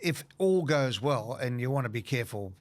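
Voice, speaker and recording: A man's voice: medium pitch, animated. Australian man hosting football talk radio. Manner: brisk, leads the segment. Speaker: radio host. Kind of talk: casual sports radio banter.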